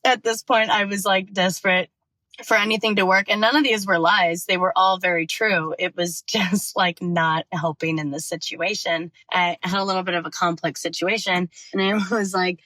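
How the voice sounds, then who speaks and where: Woman, casual podcast monologue, breathless, fast and heated, bright voice, dry sound inside a car. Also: mid-range voice, no echo, rough recording. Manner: fast, animated, swearing, out of breath. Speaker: podcast host. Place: parked car.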